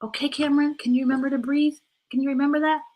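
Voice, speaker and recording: A woman's voice: sits high, little pitch movement, fast talker, heavy background noise, pitched above the performer's own voice, natural voice. Bossy three-year-old girl coaching her brother, sing-song and instructive, put on by a woman.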